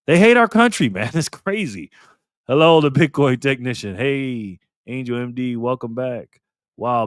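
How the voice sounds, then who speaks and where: A man's voice: medium pitch, fairly bright tone, dry recording, clean studio sound. An older man hosting a livestream alone at his desk, upbeat as he greets viewers by name and thanks them for donations. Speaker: livestream host. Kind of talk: casual livestream chat, reading donations. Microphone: desk mic facing a camera.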